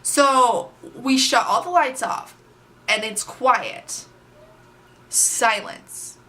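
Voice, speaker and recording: A young adult woman telling a story on her vlog, chatty and animated, with plenty of filler words. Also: a little high, extremely slow. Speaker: vlogger. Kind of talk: casual storytime.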